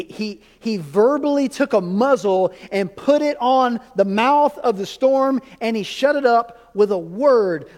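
A pastor's high, somewhat mellow male voice echoes with a large hall's long reverb as he preaches. He's emphatic and conversational, throwing rhetorical questions at the congregation.

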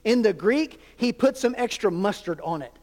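A man's voice: high voice, animated, moderate pace, darkish tone. A man preaching a sermon as a pastor, conversational with jokes and asides to the congregation. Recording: long hall reverb.

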